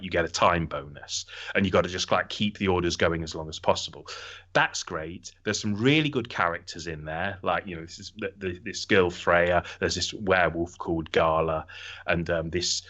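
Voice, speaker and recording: A man's voice: low voice, moderate pace, bright, forceful tone. A man co-hosting a video game podcast, giving an earnest, critical game review in casual chat. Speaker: podcast co-host.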